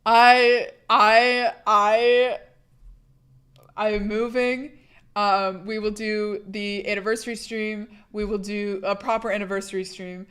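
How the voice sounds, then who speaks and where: A young woman streamer with a hoarse voice from laryngitis, chatting candidly and with swearing on a live stream, bursting louder when she greets viewers. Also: medium pitch, level tone, slow. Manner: candid, profane, rambling; bursts loud greeting raiders. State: sick, laryngitis. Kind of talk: casual live-stream chat.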